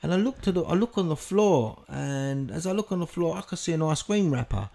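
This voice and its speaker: A man's voice: on the high side, animated, fairly quick, vocal fry, dark tone. A middle-aged man, a podcast guest telling a vivid, swear-filled story and acting out the voices in it. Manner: vivid, profane storyteller who acts out quotes.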